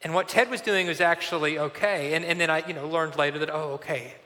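A man in his forties preaches a conversational, animated sermon, leaning into a story from the pulpit. His voice sits a bit high and rings bright and forceful. Long reverb from the big church hall trails behind him. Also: quick pace. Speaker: pastor.

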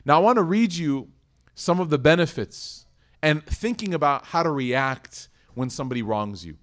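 A man giving a lively Islamic lecture to a live audience, asking questions and acting out quoted voices. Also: a little high, normal speed.

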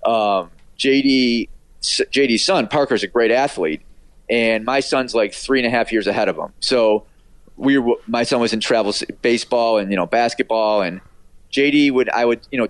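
Middle-aged male radio producer, interview guest; rambling anecdotal delivery packed with fillers and quick impressions, mid pitch, dry sound. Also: no echo. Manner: rambling, filler-heavy, acts out quoted voices. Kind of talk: casual storytelling interview.

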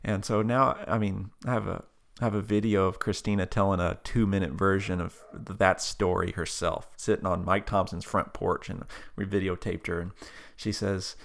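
A man with a low-pitched voice speaks as an interview guest. There is a gravelly fry in his voice, and he talks in an earnest, loose way, full of casual fillers as he tells a faith story and prays. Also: level tone, normal speed, fairly bright tone. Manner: earnest, conversational, with frequent "like" fillers. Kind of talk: personal faith story and spoken prayer.

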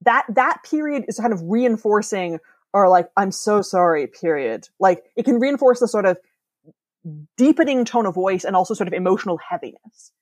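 A woman's voice: medium pitch, expressive, brisk, dry recording. A woman in her thirties, a podcast guest, explaining ideas eagerly in casual chat and laughing often.

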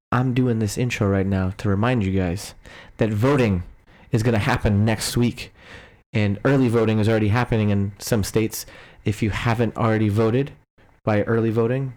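A man's voice: lowish voice, steady tone, normal speed, hardly any pauses, a little mellow. A man hosting a podcast in casual chat, loose, joking and profane. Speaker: podcast host.

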